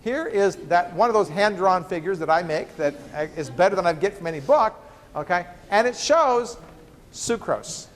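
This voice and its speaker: A biochemistry professor delivers a playful lecture to his class, tossing out rhetorical questions. His voice is high with lively intonation and a moderate pace, and the recording carries the echo of a reverberant lecture hall.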